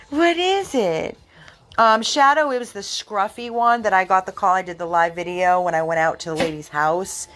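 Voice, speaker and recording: A woman's voice: sits low, fairly bright tone. A woman running a dog rescue, chatting casually to viewers and cooing at her dogs in baby talk. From Florida.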